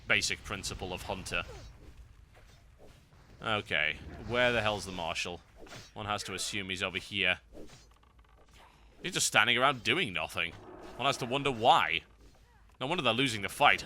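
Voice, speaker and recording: A man's voice: fairly low pitch, lively intonation, normal speed, long pauses, pushed and bright, a little hiss or hum. A man hosting a game guide, giving wry, sarcastic gameplay commentary.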